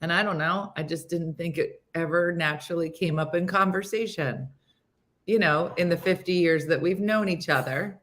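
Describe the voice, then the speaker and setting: A woman in her fifties hosting a casual morning show, telling a story with animated delivery and acting out her friends' voices. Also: lowish voice, moderate pace. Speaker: host.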